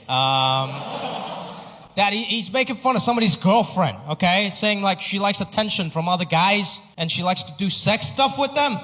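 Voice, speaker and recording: A man doing stand-up on a comedy stage, telling exasperated stories with animated delivery. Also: high-pitched, fairly quick. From United States. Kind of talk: stand-up routine. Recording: echoey hall, faint noise.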